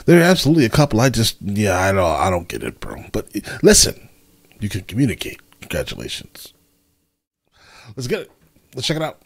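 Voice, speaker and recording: A man's voice: on the low side, huge pitch swings, brisk, gravelly, long pauses, husky. A man hosting a reaction video, chatting casually and animatedly to his viewers.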